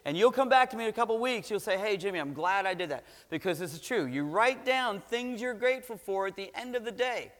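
A middle-aged male pastor from Florida with a high, light voice, preaching in a chatty, easygoing way and keeping the congregation with him by asking "right?" again and again. His voice rings through a big church hall with a long reverb tail. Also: quick pace, hardly any pauses, a bit bright. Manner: conversational, keeps checking in with "right?". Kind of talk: sermon. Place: church sanctuary.

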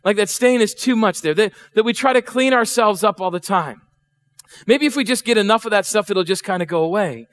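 In church, a middle-aged pastor with a high voice preaches fairly quickly. The sermon is chatty and question-filled, with him acting out voices for the congregation.

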